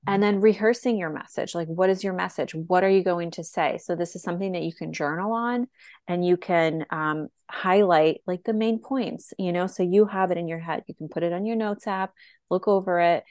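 A woman's voice: lowish voice, normal speed, darkish tone, no room sound, studio quality. A woman co-hosting a podcast as a health coach, giving earnest advice in casual chat with frequent fillers.

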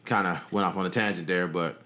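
A man's voice: sits low, steady tone, fast, pushed and bright. A man co-hosting a casual podcast, talking in a laid-back, easygoing way, swearing casually and laughing often. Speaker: podcast co-host. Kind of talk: casual chat.

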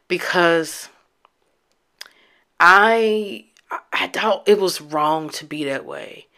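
A woman talks straight to her audience about her own life, candid and emotional. Her voice is bright and forceful, and she swears offhandedly. She often stops and restarts mid-thought. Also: sits low, expressive. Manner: reflective, halting restarts. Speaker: vlogger. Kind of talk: personal storytelling.

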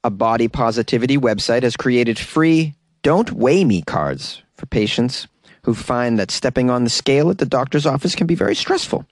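A man's voice: medium pitch, darkish tone, dry recording. A man hosting a comedic news show, reading odd stories with sarcastic asides and laughter.

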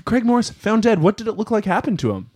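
Brief: male improv host, raised pitch, animated and a bit breathy. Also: fast talker. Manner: asks questions, laughs often. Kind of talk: improvised comedy podcast.

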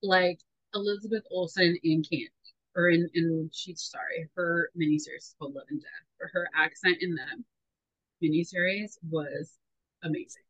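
A woman's voice: lowish voice, fairly even intonation, normal speed, fairly bright tone, no room sound, poor audio. A woman co-hosting a casual pop-culture podcast, chatty and playful, laughing easily. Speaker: podcast co-host. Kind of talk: casual chat.

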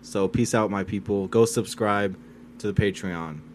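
A man's voice: lowish voice, a little slow, slight background noise. A man hosting a casual podcast, talking loose with slang and swearing. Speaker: podcast host.

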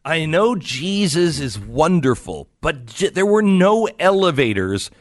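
A man's voice: a little high, sing-song, a little slow, no room sound, clean studio sound. A middle-aged man hosting a talk radio show, telling a story and acting out the quotes as he goes.

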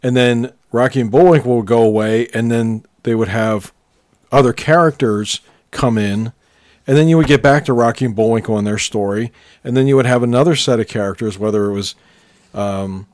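A man's voice: mid-range voice, moderate pace, a little mellow, no room sound. Easygoing middle-aged male co-host. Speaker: podcast co-host. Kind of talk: casual nostalgic chat.

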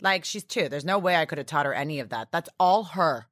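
A woman's voice: deep voice, expressive, fairly quick, a bit bright, no echo, studio quality. A woman in her thirties chatting as a podcast guest, telling stories in a bubbly way with lots of fillers. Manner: bubbly storyteller, lots of likes. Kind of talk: casual chat.

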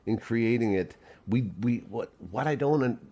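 A man telling a casual backstage story as an interview guest, animated, often restarting sentences and clearing his throat. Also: medium pitch, moderate pace. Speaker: stage actor and guitarist, interview guest.

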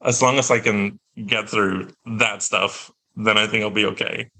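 Bright-voiced joking man guest. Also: on the low side, fairly even intonation, normal speed, rough recording. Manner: self-deprecating, jokey, many restarts. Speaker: guest actor. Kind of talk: casual podcast chat.

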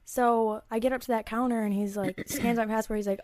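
A young woman with a somewhat high voice tells a story in lively, animated bursts and laughs often. The sound is dry and close, with no room around it. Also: a little fast, dry recording. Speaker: guest. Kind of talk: casual storytelling.

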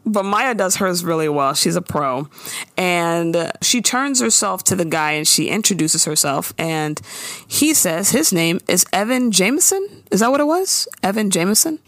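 A woman hosting a casual podcast, recapping a TV episode in an animated way, swearing freely and slipping into quoted voices. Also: lowish voice, moderate pace, no echo, clean studio sound. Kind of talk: casual chat.

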